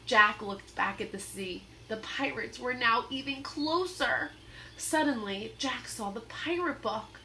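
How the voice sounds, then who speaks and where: A woman reading a children's book aloud in an expressive, dramatic storytelling manner. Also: on the high side, measured pace, slight background noise. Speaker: storybook reader.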